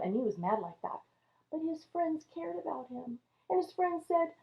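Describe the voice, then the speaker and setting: Woman, Sunday school teacher, lively kids' Bible story, high voice, muffled lo-fi sound. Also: moderate pace. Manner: animated, acts out characters' lines. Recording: dull lo-fi recording.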